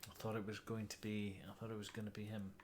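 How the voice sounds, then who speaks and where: Male streamer, lowish voice, casual self-talk over gameplay, frustrated sighs, slight background hiss. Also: monotone, fast. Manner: muttering, thinking aloud, sighing, swearing in frustration. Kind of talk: casual game livestream commentary.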